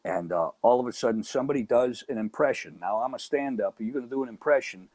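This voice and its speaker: A middle-aged man with a Chicago accent, a stand-up comedian telling a lively anecdote as a guest. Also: medium pitch, quick pace, no room sound. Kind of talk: storytelling in casual chat.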